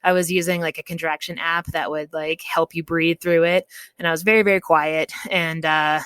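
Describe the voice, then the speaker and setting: A woman's voice: sits low, fairly even intonation, moderate pace, a bit bright, clear, resonant tone, no echo. A woman guest on a podcast, chatting casually as she tells her birth story, laughing often and acting out what people said.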